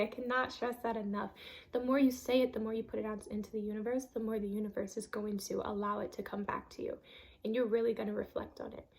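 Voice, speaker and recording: A woman's voice: medium pitch, little pitch movement, fast, vocal fry, darkish tone. A woman giving an earnest, emphatic self-help talk on a vlog, repeating phrases for stress. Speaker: vlogger.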